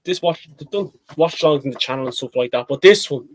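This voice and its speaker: Brief: man with a fairly high voice, dry close sound, rambling excitedly about a football match. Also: fast, no room sound, poor audio. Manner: excitable, rambling, says "mate" often. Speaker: football podcast co-host. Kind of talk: casual match-reaction chat.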